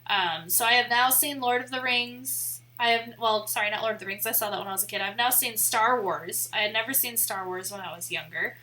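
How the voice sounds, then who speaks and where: A young woman from the American Midwest, chatting casually on a live stream in a rambling way, full of "like" and quick laughs. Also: on the high side, bright, forceful tone. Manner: chatty and rambling, heavy use of "like", laughs often. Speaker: photography streamer.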